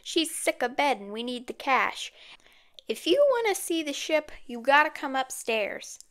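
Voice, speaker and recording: Gruff urchin boy, saucy and stubborn, slangy, pitched high, read by a woman narrator. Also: expressive, a little slow, fairly bright tone. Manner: stubborn, slangy street talk. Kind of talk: audiobook character voice.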